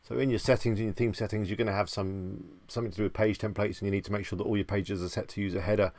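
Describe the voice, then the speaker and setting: A relaxed man with a low, gravelly voice hosts a live stream from a desk mic. He chats casually and greets viewers by name, with a self-deprecating touch. The sound is close and dry. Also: very fast, dry recording.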